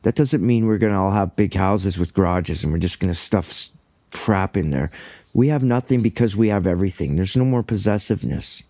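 A man's voice: low-pitched, fairly quick, a little mellow, no echo. A man teaching from the Bible in a casual, earnest way, reading verses aloud and then explaining them with enthusiasm. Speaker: preacher.

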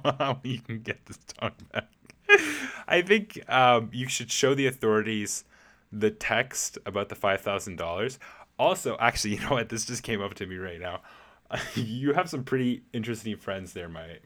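Playful man with a somewhat low voice. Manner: playful, laughs often, many fillers. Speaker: podcast host answering voice messages. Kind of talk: casual, rambling monologue.

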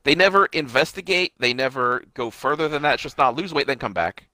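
A man's voice: medium pitch, expressive, a little fast, pushed and bright, no echo. A man co-hosting a podcast who teases his friend and laughs often in casual chat. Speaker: podcast co-host.

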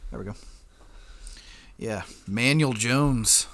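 A man's voice: medium pitch, slow pace, a bit bright. A young man co-hosting a casual fantasy football podcast, chuckling often as he reads out stats. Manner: laid-back, chuckling, reads stats aloud. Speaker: podcast co-host.

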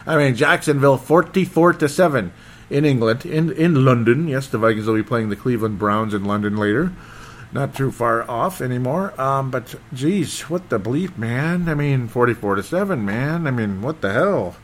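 Rambling, excitable football recap man. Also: medium pitch, normal speed, a little hiss or hum. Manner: rambling, excitable, loses his train of thought. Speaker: sports podcast host. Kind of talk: casual solo football recap.

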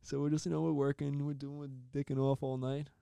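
A young man, animated and swearing a lot as he tells a story in casual podcast chat. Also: mid-range voice, fast talker, vocal fry, smooth, dry recording, studio quality. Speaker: podcast co-host.

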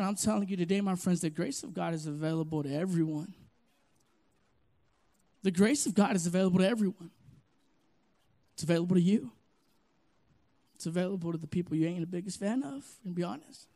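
A young male pastor with a high-pitched voice preaches with plenty of energy. He drops to soft, slow phrases, then swells into loud, punchy lines. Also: gravelly. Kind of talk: sermon.

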